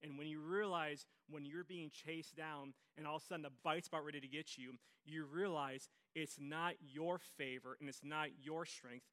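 A man's voice: on the high side, fairly even intonation, moderate pace, few pauses, a bit bright, smooth. A man preaching a sermon as pastor, telling stories with energy and repeating his phrases for emphasis.

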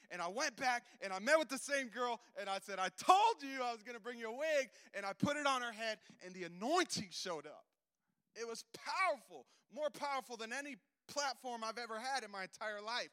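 High, bright-voiced man preaching with fervor. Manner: animated storytelling, swings between loud bursts and soft asides; acts out dialogue in quoted voices. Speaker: missionary preacher. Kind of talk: sermon testimony.

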